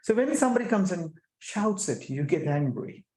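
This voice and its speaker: Man, middle-aged, guest speaker, animated, repeats words, rhetorical questions, echoey room. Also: high-pitched, a little fast. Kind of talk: conversational talk at an online chapter event.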